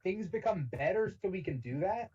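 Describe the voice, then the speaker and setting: A man's voice: sits high, normal speed, slightly rough. Chill podcast host guy, says like a lot, sounds far off and muffled. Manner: relaxed, lots of "like". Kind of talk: casual chat.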